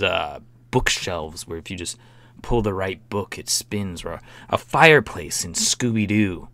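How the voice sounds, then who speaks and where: A man's voice: low voice, expressive, unhurried, pushed and bright, no echo. A man commenting casually on a video, joking, swearing and laughing often. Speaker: reaction video host.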